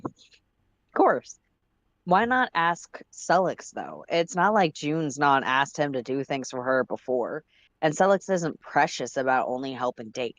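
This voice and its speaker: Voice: mid-range voice, expressive, measured pace, fairly bright tone, no echo. Chatty livestream story reader, dry sound. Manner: reads in second person, breaks off to laugh and swear. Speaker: livestream co-host reading a fan story. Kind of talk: casual read-aloud narration with chatty asides.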